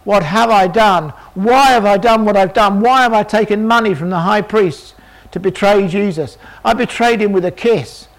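A man's voice: sits high, normal speed, poor audio. A man doing an anguished remorseful betrayer. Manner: anguished self-questioning.

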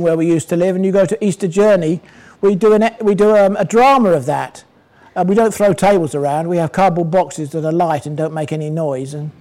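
An older man from England preaching a sermon in a conversational way, asking his congregation questions and slowing down to stress scripture. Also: sits high, darkish tone, rough recording.

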